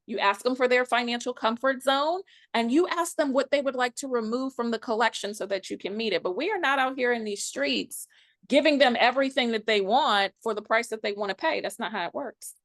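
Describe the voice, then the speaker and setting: A woman's voice: a little high, a little fast, a bit bright, dry recording. This is a woman coaching on pricing, emphatic and a little sassy as she tells her stories. She is close to the microphone with a dry, plain sound. She talks in a casual podcast chat. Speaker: pricing coach for wedding professionals.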